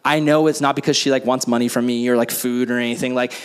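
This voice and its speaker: A young man preaching to a youth group. His voice sits at a middle pitch, and he talks loosely, leaning on "like" and restarts. He moves from casual sermon talk into a softer spoken prayer. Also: fairly even intonation, fast talker, clear, resonant tone. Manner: casual, filler-heavy preaching with many "like"s. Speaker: youth pastor.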